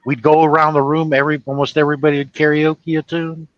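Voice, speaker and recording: A man's voice: on the high side, little pitch movement, muffled recording. A man hosting a casual livestream chat, telling funny stories and breaking into laughter. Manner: laughing storyteller doing quick impressions of characters. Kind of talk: casual chat, retelling movie scenes.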